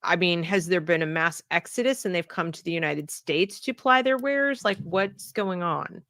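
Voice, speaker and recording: Woman, commentary, lower pitch, dry sound, halting and emphatic. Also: fairly bright tone, no room sound. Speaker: online commentator. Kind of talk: video commentary on a clip.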